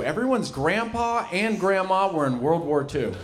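Animated young man doing stand-up. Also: moderate pace, heavy background noise. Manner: animated, jumps into high excited character voices. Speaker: stand-up comedian. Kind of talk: stand-up set. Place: comedy venue. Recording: loud laughing crowd.

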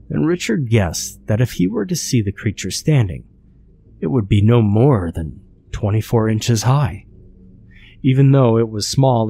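A man narrating a scary story in a steady, measured way. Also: fairly low pitch.

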